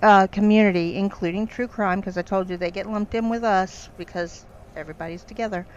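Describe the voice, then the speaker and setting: A woman's voice: medium pitch, fairly even intonation, a little fast, darkish tone. Chatty woman, lo-fi mic. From North Carolina, USA. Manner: chatty, rambling, laughs often. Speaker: podcast co-host and voice narrator. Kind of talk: casual chat on a live stream. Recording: dull lo-fi sound with faint noise.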